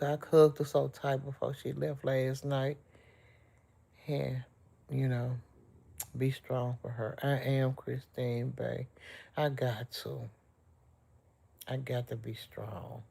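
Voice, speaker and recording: A woman's voice: a bass voice, vocal fry, dark tone. Emotional middle-aged woman chatting live. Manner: emotional, heartfelt, talks straight to viewers. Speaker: livestream host. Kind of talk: casual livestream chat with viewers.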